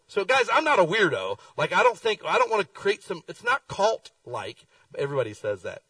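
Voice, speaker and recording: A middle-aged man preaching a sermon, telling folksy stories with lively swings in his voice. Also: high voice, brisk, no room sound, distant mic, rough recording. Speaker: pastor. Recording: dry sound, speaker away from the mic.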